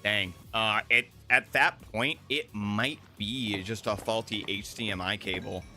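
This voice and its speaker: A young man chats through his gameplay with a slight lisp, piling up fillers and restarting his sentences. His voice is bright and forward. Faint music plays softly in the background. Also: on the low side, steady tone, unhurried. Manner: rambling, chatty, with frequent fillers and self-corrections. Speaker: gaming streamer. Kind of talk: casual gameplay commentary. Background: soft game music.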